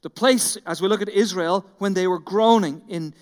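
Male pastor, high voice, mid-sermon, reads scripture slowly and with weight, long echo of a big hall. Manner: slows down and stresses scripture readings, speaks directly to the congregation.

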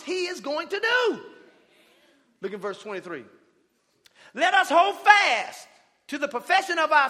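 High-pitched preaching man, shouting. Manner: preaching with call-and-response, drawn-out shouted emphasis. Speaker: pastor. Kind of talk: sermon. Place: church sanctuary with congregation. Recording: reverberant church hall.

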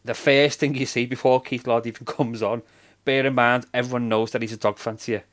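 A man's voice: medium pitch, flat delivery, a little fast. A man, chatting casually as a podcast co-host, laughing a lot and acting out quoted lines. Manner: enthusiastic, laughing storyteller. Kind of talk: casual chat.

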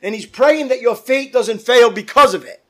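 A man's voice: extremely high pitch, normal speed, fairly bright tone. A man preaching a fervent sermon as pastor, calling out to his congregation. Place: church.

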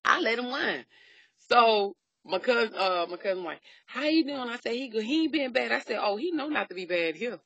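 A woman's voice: on the high side, normal speed, husky, dry recording, muffled recording. A middle-aged woman in casual chat, talking bluntly and telling stories with lots of profanity. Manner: blunt, profane, animated storytelling.

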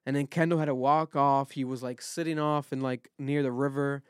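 A man's voice: medium pitch, fairly even intonation, moderate pace, smooth, no room sound, studio quality. A man hosting a podcast in casual chat, recapping things loosely and swearing freely. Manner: profane, loose retelling. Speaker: podcast host.

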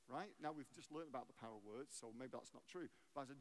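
A man's voice: on the high side, expressive, fairly quick. A man giving a sermon as a guest preacher, conversational and joking, asking the audience questions.

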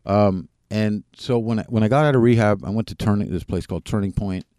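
Low, mellow man telling his story. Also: smooth, no echo, clean studio sound. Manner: candid, plain-spoken, halting with restarts. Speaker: podcast guest. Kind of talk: personal recovery story in an interview.

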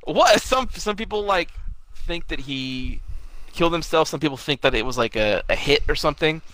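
Male co-host, bright tone, swears freely, gets worked up telling stories. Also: on the high side, moderate pace, dry recording, poor audio. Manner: profane, excitable storytelling. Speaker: podcast co-host. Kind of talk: casual chat about wrestling.

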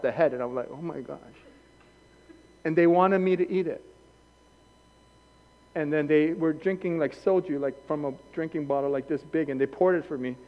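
A man preaching a sermon, moving from quiet storytelling to shouted passion. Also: on the high side. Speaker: pastor. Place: church hall. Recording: dull, long-echo church sanctuary.

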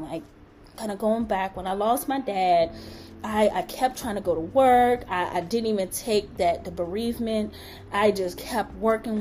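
Woman, podcast host, casual storytelling, lively pitch, playful asides, faint music behind. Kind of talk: casual personal podcast talk.

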